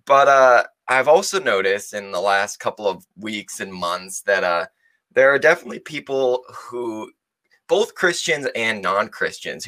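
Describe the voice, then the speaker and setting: Bright-voiced man preaching casually. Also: lowish voice. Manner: conversational, with fillers and restarts. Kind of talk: casual sermon.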